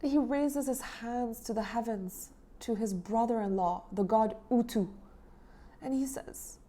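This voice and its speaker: A woman's voice: on the high side, measured pace, mellow. A woman hosting her channel, casually retelling an ancient poem in a chatty, irreverent way with fillers and the odd swear word. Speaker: host.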